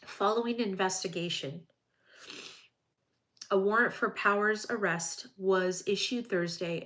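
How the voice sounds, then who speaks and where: A woman's voice: medium pitch, a bit bright, poor audio. A woman hosting a live stream at home, reading crime news aloud and chatting with viewers, with blunt, offhand asides.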